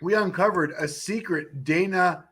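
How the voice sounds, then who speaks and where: A man's voice: high-pitched, unhurried, a bit bright, husky. A man co-hosting a casual sports betting chat, joking around with rambling asides. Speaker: podcast co-host.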